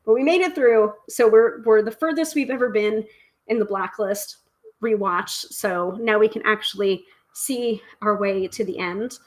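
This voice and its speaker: An American middle-aged woman, a tarot reader hosting a live stream, chats casually at an ordinary middle pitch and a slightly slow pace. Bubbly and exuberant, she jumps between thoughts with lots of fillers and restarts, and the audio quality is poor.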